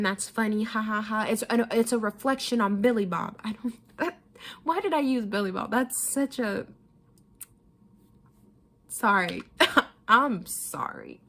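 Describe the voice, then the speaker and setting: A young woman giving a tarot reading, emotional and casual, often repeating herself and swearing freely. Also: on the high side. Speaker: tarot reader. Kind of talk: pick-a-card tarot reading.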